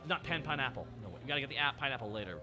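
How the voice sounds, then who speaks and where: A man's voice: mid-range voice, very fast. A man chatting with his viewers on a live stream, joking and riffing on their comments. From Canada. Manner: animated, joking, riffs with chat. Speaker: VTuber streamer. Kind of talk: casual live-stream chat. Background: music.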